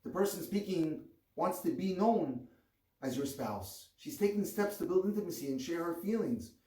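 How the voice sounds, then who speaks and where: A man giving an earnest rabbi's lecture on marriage, reading with expressive rises on key words. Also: on the high side, moderate pace. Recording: echoey room, far from the mic.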